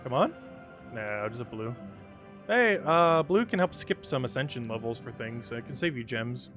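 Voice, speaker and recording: A man's voice: mid-range voice, animated, moderate pace, fairly bright tone, faint music behind. A man chatting casually as a live streamer while playing, answering his chat and laughing often. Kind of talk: casual gameplay commentary.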